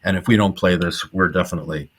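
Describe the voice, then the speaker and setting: A man's voice: low voice, steady tone, fast, fairly bright tone, slightly rough. A middle-aged man hosting a podcast, casually and enthusiastically retelling old comedy film scenes and laughing often. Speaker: podcast host.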